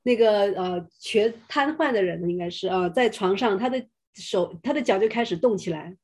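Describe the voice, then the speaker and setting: A woman with a husky, expressive, medium-pitched voice interprets a sermon live, phrase by phrase. Following the preacher, she's hesitant at times, restarting and filling pauses with "uh."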